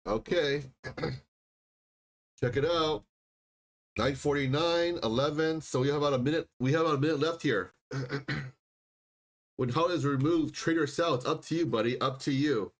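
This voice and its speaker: A man hosting a live stock and crypto stream, talking insistently and repeating himself, often clearing his throat. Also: fairly high pitch, measured pace, long pauses. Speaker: livestream stock and crypto host. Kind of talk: live market commentary.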